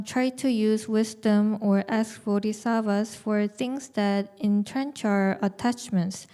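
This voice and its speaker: A woman reading out a viewer question during a lecture, slow and hesitant. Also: medium pitch, mellow, smooth.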